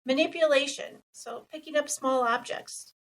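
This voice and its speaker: A woman co-hosting a podcast who calmly explains and lists examples as an occupational therapist. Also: high voice, normal speed, recorded from a distance, poor audio. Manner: steady, explanatory, listing examples. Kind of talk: casual podcast chat, explaining.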